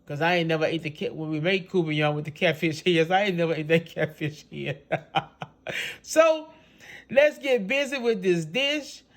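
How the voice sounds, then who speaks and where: Animated Louisiana man with a high voice. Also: moderate pace. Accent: Louisiana Cajun English. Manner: chatty and animated, laughs often, folksy dialect. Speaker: cooking show host. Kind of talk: casual cooking video chat.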